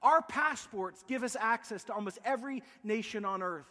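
Canadian male pastor, high pitched, passionate sermon delivery, echoing sanctuary. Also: expressive, normal speed, bright, forceful tone. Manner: impassioned, builds with repeated rhetorical questions. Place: church sanctuary.

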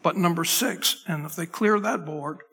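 Speaking at a moderate pace in a slightly high, husky voice that sounds pushed and bright, a pastor gives a chatty sermon from the pulpit microphone. He restarts often and makes asides to the crew at the back, and the sanctuary adds a long reverb.

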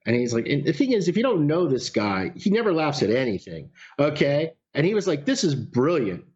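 A man telling a story in casual chat, animated, with some swearing. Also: fairly high pitch, brisk. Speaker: podcast guest. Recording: lo-fi sound.

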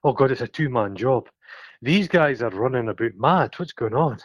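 A man's voice: mid-range voice, normal speed, dry recording, dull audio. Breathless scottish man rambling on the phone. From Scotland. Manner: rambling, excitable, swearing freely. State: ill, out of breath. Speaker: podcast co-host. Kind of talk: casual chat on a phone call.

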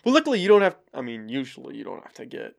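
A woman's voice: very deep voice, sing-song, very fast, vocal fry, a little mellow. A woman in casual chat as a podcast co-host, giving short sympathetic reactions and joking asides.

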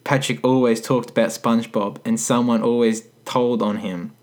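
Man reading aloud with deadpan asides. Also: mid-range voice, moderate pace. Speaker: podcast co-host reading fan fiction. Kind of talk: casual comedic reading aloud.

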